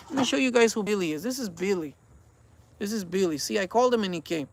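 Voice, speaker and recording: A man's voice: high-pitched, lively intonation, fast. A man in his forties chatting earnestly in a vlog, rambling and preachy, often repeating himself. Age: 40s. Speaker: vlogger. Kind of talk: casual rambling chat.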